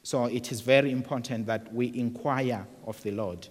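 A man's voice: mid-range voice, steady tone, normal speed, in a large hall. A man preaching a sermon in an earnest way, often repeating words and restarting phrases.

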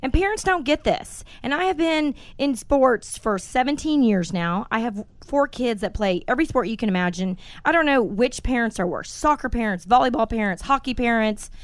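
A woman in her forties hosting a casual podcast, telling stories in a blunt, animated way and swearing freely. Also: on the high side, moderate pace, hardly any pauses, dry recording. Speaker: podcast host.

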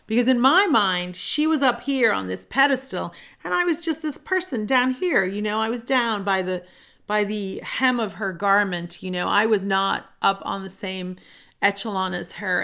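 A middle-aged woman hosting a solo self-help podcast, telling a personal story in an earnest, animated way. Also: medium pitch, unhurried, vocal fry. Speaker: podcast host.

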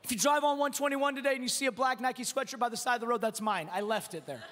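High-voiced pastor preaching in a reverberant hall. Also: male voice, fast talker, fairly bright tone. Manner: repeats words when restarting, self-deprecating humor. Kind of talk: sermon. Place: church auditorium. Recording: long reverb in a large church hall.

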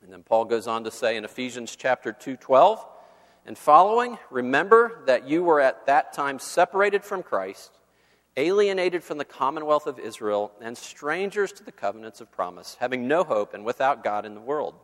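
A male campus minister giving a sermon with a measured, earnest delivery, reading scripture and praying. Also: medium pitch, animated. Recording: long hall reverb.

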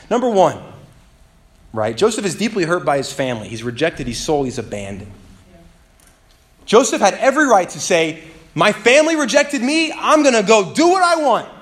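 Guy pastor preaching, kinda high voice, super lively ups and downs, chatty and joking, asks the crowd for amens. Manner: animated and conversational, with playful asides; asks the congregation for responses. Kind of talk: sermon.

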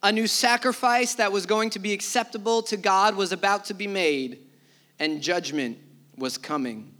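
A man delivers a sermon with a high, bright, forceful voice. He talks conversationally, slipping into acted-out asides and vivid retellings as he preaches. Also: normal speed. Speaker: pastor.

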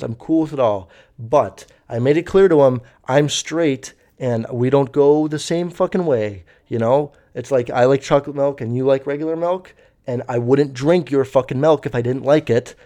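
A young man with a medium-pitched, slightly mellow voice tells a story casually and ramblingly, swearing often and packing it with fillers.

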